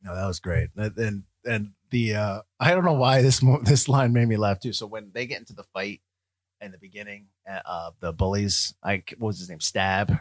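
A man's voice: fairly low pitch, moderate pace, dry recording. A man in his forties co-hosting a casual chat, laughing often. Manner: laughing, animated. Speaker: podcast co-host.

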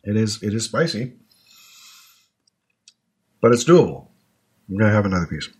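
Man, low husky voice, casual chat, chatty and musing, thinks out loud. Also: big pitch swings, normal speed. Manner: chatty, thinks aloud with fillers while eating. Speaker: podcast host tasting snacks.

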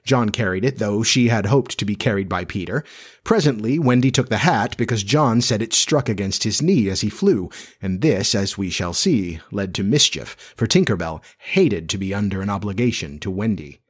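A man narrating a storybook in a measured, steady way. His voice sits low and has a husky, breathy edge. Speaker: audiobook narrator. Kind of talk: scripted narration.

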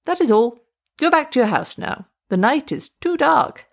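A woman voicing a frightened, pleading old male witch doctor in a storybook reading, drawing his words out high and slow. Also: sing-song, gravelly, full character voice. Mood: cheerful. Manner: high, drawn-out, pleading delivery.

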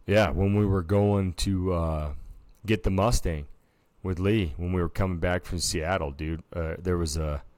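Deep-voiced man telling a story. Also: measured pace, dry recording. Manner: animated storytelling, peppered with filler words. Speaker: podcast co-host. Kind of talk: casual chat.

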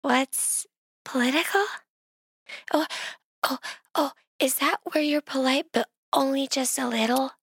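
A woman's voice: sits high, fairly even intonation, a little slow, long pauses, a bit bright, dry recording. A woman in a comedy sketch, bubbly and playfully silly.

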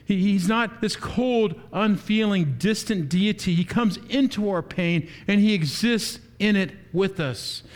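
A pastor preaches to his congregation in a man's high, light voice. He asks question after question and works each point with animated energy. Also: unhurried, hardly any pauses. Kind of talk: sermon.

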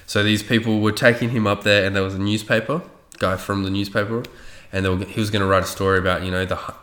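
A man's voice: on the low side, fairly even intonation, quick pace, fairly bright tone, reverberant. A man telling a rambling story in casual chat, swearing freely and loose with his facts.

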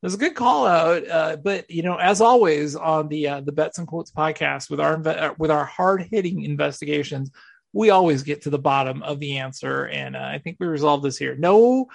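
Gravelly man explaining audio clips. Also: fairly high pitch, normal speed, dry recording. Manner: mock-serious, walks through audio clips. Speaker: podcast host. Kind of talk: casual radio chat.

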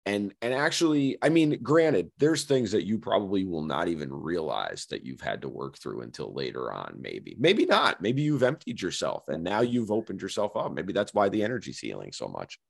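Deep, lively-voiced man hosting a podcast. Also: normal speed, vocal fry, hardly any pauses. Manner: loose and slangy, mild swearing, laughs easily. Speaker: podcast host. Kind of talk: casual interview chat.

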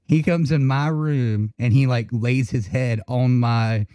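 A man hosting a podcast in casual chat, telling animated stories full of swearing and frequent laughter. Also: medium pitch, measured pace, dry recording, clean studio sound. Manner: profane, laughing, animated storytelling. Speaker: podcast host.

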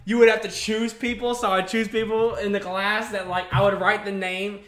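On a podcast recorded in a brightly lit studio with a roomy echo, a young man chats casually, his voice high-pitched, slightly bright and flat in delivery at a moderate pace. He tells stories in a rambling, profane way, constantly restarting his sentences.

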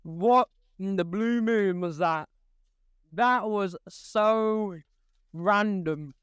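A man's voice: sits high, very slow, fairly bright tone, clear, resonant tone, no echo. A young man, co-hosting a casual podcast in a hyper, joking way. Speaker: podcast co-host. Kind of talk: casual chat.

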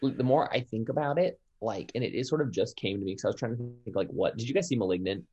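A man's voice: on the low side, quick pace, darkish tone, highs cut off. A man in casual chat about movies, enthusiastic, swearing freely and saying "like" a lot. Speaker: podcast co-host.

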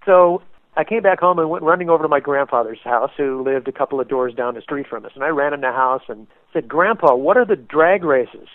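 A man guest telling a story in an animated way, acting out quotes with sudden loud bursts, as a race car paint designer. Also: medium pitch, fast, dry recording. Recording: tinny phone-like line, dry.

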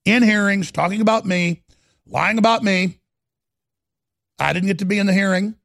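A man hosting a talk radio show, delivering a heated, ranting monologue that swings between loud and quiet. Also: sits high, normal speed, creaky, dry recording, studio quality.

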